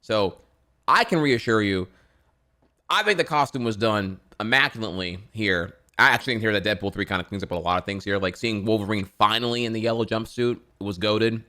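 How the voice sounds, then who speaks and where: A man's voice: on the low side, fairly quick, bright, forceful tone. A man from Florida streaming casual reaction commentary, rambling with lots of fillers and swearing.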